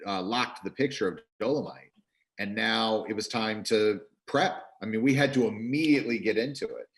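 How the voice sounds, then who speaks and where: Animated man telling a director's story. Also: fairly low pitch, moderate pace. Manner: animated, acts out quotes, many restarts. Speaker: film director. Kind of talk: interview storytelling. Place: video call.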